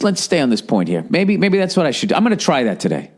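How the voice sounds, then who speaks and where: A man's voice: mid-range voice, wildly swooping pitch, quick pace, few pauses. Profane, rambling man ranting. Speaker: podcast host. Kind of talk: solo podcast rant.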